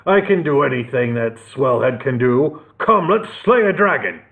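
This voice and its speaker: A man voicing a burly, blustering knight uncle who booms and bellows gruffly. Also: big pitch swings, moderate pace, phone-quality sound.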